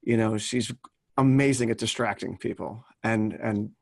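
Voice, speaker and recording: A man's voice: fairly low pitch, moderate pace, vocal fry, a little mellow, no echo. A man hosting a podcast about camp, talking in a chatty, rambling way with many restarts. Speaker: podcast host. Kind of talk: casual podcast chat.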